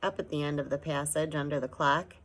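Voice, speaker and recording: A woman reading an audiobook, voicing a tired tiny father who speaks flatly and plainly. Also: low-pitched, brisk, poor audio. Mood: weary. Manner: tired, flat and expressionless. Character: weary stern tiny father borrower.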